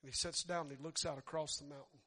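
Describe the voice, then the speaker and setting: A man preaching a storytelling sermon who builds to shouting fervor. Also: a little high, steady tone, fast talker, long reverb tail.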